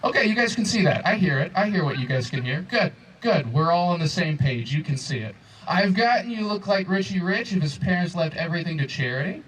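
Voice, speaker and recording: A man in his twenties doing a live stand-up set, his voice sitting on the high side. He bounces between exasperated asides and quick crowd banter. The sound is picked up from a little distance, like a live room recording. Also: animated, a bit bright, breathy edge. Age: 20s. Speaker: stand-up comedian. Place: comedy club stage before a crowd. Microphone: handheld stage microphone.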